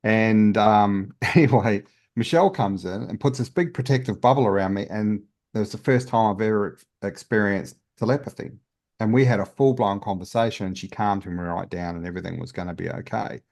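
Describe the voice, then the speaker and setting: A man's voice: on the low side, a little fast, gravelly, darkish tone. A man, a guest healer, telling his story in a casual interview in an earnest, open way with many restarts.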